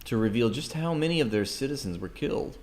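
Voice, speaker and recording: A man's voice: medium pitch, darkish tone. A man reading news articles aloud on a livestream, breaking off with sarcastic, mocking asides to his chat.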